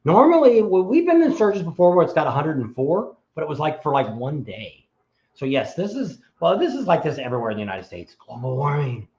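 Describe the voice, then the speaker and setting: Middle-aged man, co-host on a live stream, rambling casual talker, slightly high voice, echoey dull room sound. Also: big pitch swings, fairly quick, darkish tone. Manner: rambling, restarts often. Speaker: co-host of a motorcycle travel channel.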